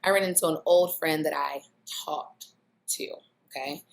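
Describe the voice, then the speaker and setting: Young woman with a notably low voice, relaxed reflective vlog delivery. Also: moderate pace, gravelly. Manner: conversational, loose, with many "you know" fillers. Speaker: vlogger. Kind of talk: casual reflective monologue.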